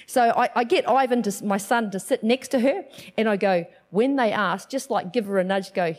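A woman preaching a sermon, telling a personal testimony in a lively storytelling manner and acting out the voices of others. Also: mid-range voice, normal speed. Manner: animated storytelling, acts out quoted voices.

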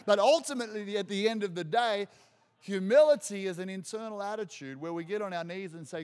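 A man with a notably high voice delivers a sermon, driving his points home by repeating phrases. His voice rings out with a long reverb tail, as from a large hall. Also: brisk, darkish tone, clean tone. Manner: emphatic, repeats phrases for effect. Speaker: preacher.

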